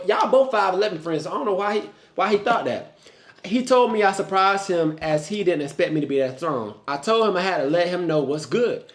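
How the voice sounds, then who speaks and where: In an echoey room, a male co-host with a slightly high voice reads listener love stories aloud on a talk show. He's animated, teases along the way, and breaks into laughter.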